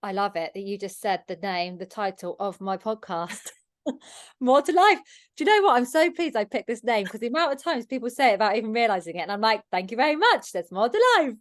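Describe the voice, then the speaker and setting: A woman hosting a podcast, chatting enthusiastically with her guest. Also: medium pitch. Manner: enthusiastic, chatty, quick to laugh. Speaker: podcast host. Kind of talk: casual interview chat.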